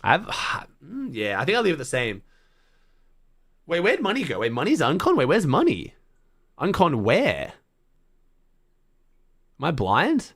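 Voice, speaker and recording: A man's voice: fairly high pitch, wildly swooping pitch, unhurried, pauses often, fairly bright tone, dry recording, clean studio sound. An Australian man streaming to his chat, thinking aloud in blunt, casual talk full of swearing. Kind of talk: casual livestream chat to viewers.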